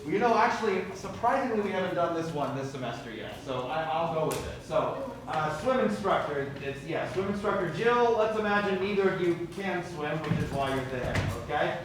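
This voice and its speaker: Lively, encouraging improv teacher, echoey hall. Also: mid-range voice, a little fast, few pauses, a crowd in the background. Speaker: improv teacher running a class showcase. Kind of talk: coaching and calling freezes in improv games. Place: school theatre hall. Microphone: far room mic. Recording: echoey, distant, noisy hall recording.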